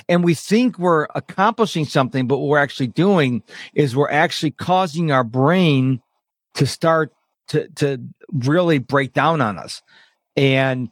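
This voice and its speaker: A middle-aged man who coaches people on overwhelm, talking casually as a podcast guest and acting out quotes in lively voices. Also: on the high side, no echo, clean studio sound. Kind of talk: casual interview talk.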